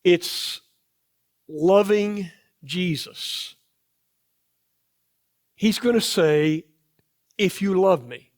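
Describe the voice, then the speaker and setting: Slow, emphatic man preaching a sermon. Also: sits high. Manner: slow, emphatic, repeats key phrases. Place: church sanctuary.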